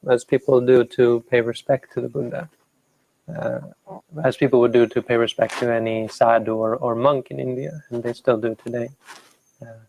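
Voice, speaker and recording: Gravelly-voiced monk telling a story. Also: male voice, medium pitch, darkish tone, dry recording, poor audio. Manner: unhurried storytelling, acting out quoted speech lightly. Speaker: Buddhist monk and meditation teacher. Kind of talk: dhamma talk retelling a scripture story.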